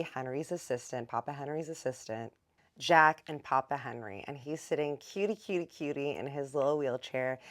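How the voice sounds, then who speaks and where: A young woman telling a long storytime to her followers in a bubbly, chatty manner and sweetly addressing them directly. Her voice is strikingly deep for a woman, though she stays light and playful as she runs through the details. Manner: bubbly, chatty, addresses viewers as y'all and kittens. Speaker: storytime vlogger. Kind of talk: casual storytelling.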